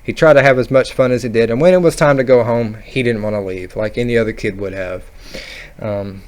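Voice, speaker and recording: A man telling a funny roller coaster story in a casual, rambling, animated way. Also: mid-range voice, fairly quick. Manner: rambling, animated, laughing at his own story. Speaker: vlogger.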